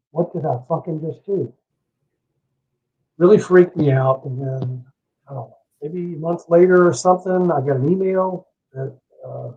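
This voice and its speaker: A middle-aged Savannah, Georgia man, appearing as a podcast guest, spins a heated, rambling, profane story between asides. His voice is fairly high and a little mellow with a breathy edge. It's casual storytelling in dull, lo-fi podcast audio.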